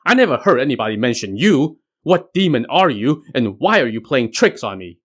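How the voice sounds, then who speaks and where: A man's voice: medium pitch, very animated, moderate pace, a bit bright. A man doing a blustering, hot-tempered demon king. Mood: indignant. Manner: blustering, raised voice.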